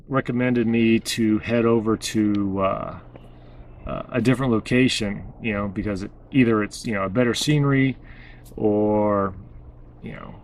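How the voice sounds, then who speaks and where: A man casually telling a story about his outdoor research, halting and full of "uh" and "you know". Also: lowish voice, creaky, a little hiss or hum. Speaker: bigfoot researcher vlogger.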